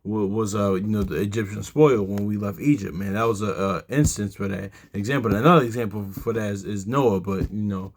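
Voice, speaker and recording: A man's voice: on the low side, brisk, few pauses. A tired man giving a casual Bible study talk, rambling with lots of fillers and reading verses aloud. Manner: rambling, heavy fillers, reads scripture aloud. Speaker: Bible teacher.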